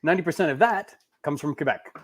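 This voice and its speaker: A man's voice: fairly high pitch, animated, quick pace. A man from Canada chatting on a live beer stream, friendly and eager to tell stories. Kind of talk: casual chat.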